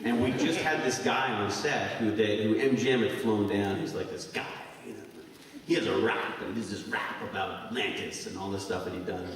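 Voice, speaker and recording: A man's voice: on the low side, fairly even intonation, fairly quick. A man in his thirties from Canada, a convention guest answering fan questions on stage in a rambling, jokey way, laughing often. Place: large convention hall. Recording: echoey hall recorded from far off with noise.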